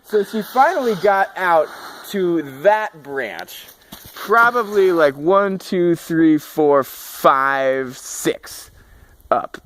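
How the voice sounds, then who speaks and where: A man casually recounting events in a halting way. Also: on the high side, expressive, a bit bright, a little hiss or hum. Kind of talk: casual storytelling.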